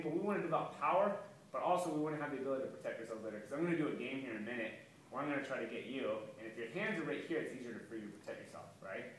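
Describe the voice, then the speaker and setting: A man's voice: on the high side, fairly bright tone, recorded from a distance, a little hiss or hum. Upbeat man coaching a kid's karate class. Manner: encouraging, coaching with counts and praise. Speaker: karate instructor. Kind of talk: kids' self-defense lesson. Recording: echoey room, voice from off-mic.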